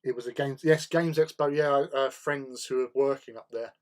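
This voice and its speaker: A man's voice: mid-range voice, fairly even intonation, moderate pace. A man hosting a hobby livestream, chatting casually with viewers in a rambling way and laughing often.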